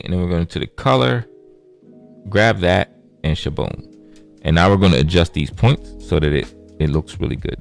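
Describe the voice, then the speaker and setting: A man hosting a casual digital drawing tutorial, playful and chatty, calling out viewers as y'all and tossing in sound-effect words like boom. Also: creaky. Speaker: digital art tutorial host.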